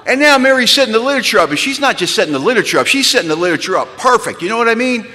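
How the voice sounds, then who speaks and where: A man telling humorous, animated stories to an audience at a recovery gathering, recorded in an echoey hall. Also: very high voice, racing. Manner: lively, animated, punchline-driven storytelling. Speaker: recovery meeting speaker. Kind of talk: humorous storytelling talk to an audience. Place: large hall.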